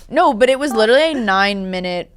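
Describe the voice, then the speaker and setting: A young woman talks quickly in a casual podcast chat with a friend. She's a chatty storyteller who slips into the voices of the people she's describing. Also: a little high, expressive, smooth. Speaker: podcast co-host.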